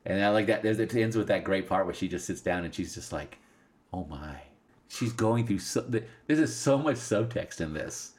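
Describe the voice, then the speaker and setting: A man in casual film discussion, animated, laughing often and acting out lines from scenes. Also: on the low side, a little fast, few pauses.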